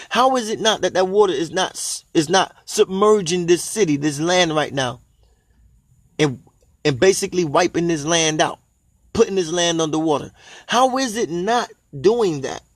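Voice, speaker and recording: High-voiced man giving an emphatic spiritual talk. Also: no echo. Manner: repetitive, emphatic, drawing out key phrases slowly; exclaims in delight at his own ideas. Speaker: spiritual teacher. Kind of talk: spiritual monologue.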